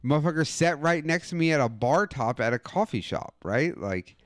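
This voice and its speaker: A man's voice: fairly high pitch, animated, normal speed, no room sound. A man co-hosting a casual podcast, telling a rambling, profane story into a close studio mic. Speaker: co-host.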